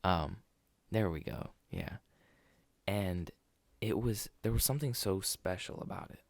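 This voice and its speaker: Deep gravelly man chatting about films. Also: a little slow, dry recording. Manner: rambling, restarts sentences, laughs often. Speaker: podcast co-host. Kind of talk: casual movie chat. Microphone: desk podcast mic.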